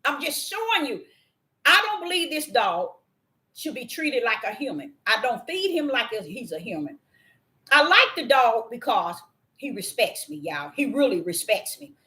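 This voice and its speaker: An older woman hosting a casual talk, telling a story in an animated, emphatic way and speaking directly to her listeners. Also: fairly high pitch, moderate pace. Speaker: host.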